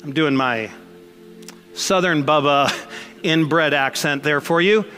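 A man's voice: fairly high pitch, slow pace, pushed and bright, long reverb tail, faint music behind. A man preaching a sermon as pastor, conversational and emphatic, mixing blunt jokes into his points.

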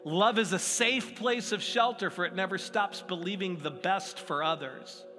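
A man's voice: high-pitched, moderate pace. A middle-aged man preaching a sermon in a conversational, self-deprecating way with playful asides. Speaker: pastor. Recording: long hall reverb with faint music.

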